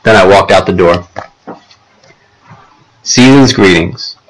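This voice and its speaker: A man narrating an audiobook in a measured, unhurried storytelling manner. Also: low-pitched, poor audio.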